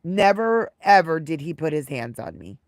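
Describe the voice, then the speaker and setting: A woman's voice: low voice, big pitch swings, normal speed, no echo, studio quality. A woman live streamer telling casual stories to her viewers, rambling and repeating her phrases. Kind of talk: casual livestream storytelling.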